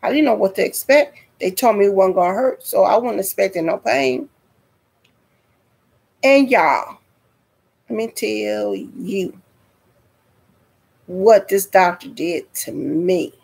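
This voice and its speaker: A woman's voice: medium pitch, slow, creaky, pauses often, a little mellow, husky. A woman telling a dramatic personal story to her viewers in a storytime vlog, speaking directly to them. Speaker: vlogger.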